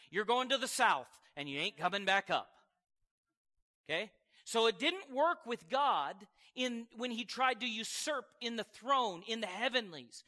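A man with a very high, bright and pointed voice preaches a sermon, mixing scripture readings with emphatic, conversational asides to his listeners. The sound rings out with a long reverb, as in a large hall. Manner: conversational, emphatic preaching with frequent call-outs to the congregation.

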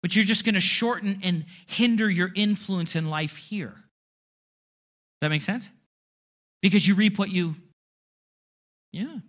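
Pastor, man, husky and lively, conversational sermon with sarcastic asides, muffled recording. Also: high voice, slow pace, pauses often. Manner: conversational preaching with sarcastic asides and rhetorical questions.

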